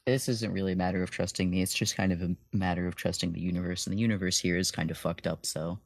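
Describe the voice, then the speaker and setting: A man playing a tabletop horror game, animated and joking, often restarting his sentences. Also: deep voice, fast, creaky, no room sound. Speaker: player.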